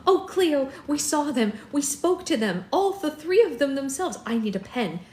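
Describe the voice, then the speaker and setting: Woman doing a bright, breathless young bookish heroine for a readalong. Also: a little high, normal speed, reverberant, natural voice. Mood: excited.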